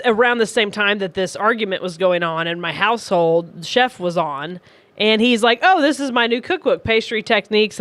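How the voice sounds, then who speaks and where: A man's voice: high-pitched, fairly bright tone, clean tone, dry recording. A man co-hosting a casual chat show, telling a rambling, self-deprecating story. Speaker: podcast co-host.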